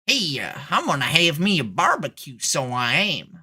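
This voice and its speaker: A woman putting on a loud, over-the-top Texas accent to play a meat-loving rancher's daughter who keeps tacking on "so I am". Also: deep voice, big pitch swings, moderate pace, slightly rough, heavily acted. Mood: hammy drawl. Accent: put-on Texas accent. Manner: drawling, shouting, tacks on "so I am".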